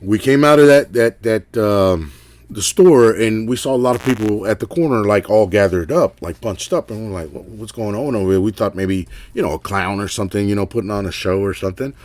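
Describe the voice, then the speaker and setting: Rambling middle-aged man, low voice. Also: fairly quick, a little mellow. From Texas. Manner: rambling, filler-heavy, keeps asking "right?". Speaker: caller sharing an encounter. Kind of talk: casual storytelling.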